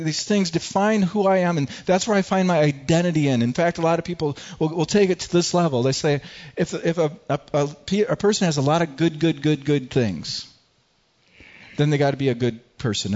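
A man's voice: a little high, a little fast, highs cut off. Stammering man preaching a sermon. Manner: animated, frequent stammered restarts. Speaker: pastor. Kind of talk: sermon with personal story.

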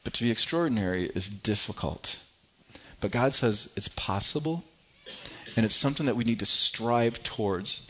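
A middle-aged male pastor delivers a sermon in an earnest, conversational way, often doubling words as he works toward a point. His voice sits on the low side. The recording is dull and lo-fi. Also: normal speed, a bit bright. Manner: earnest, repeats words when building a point.

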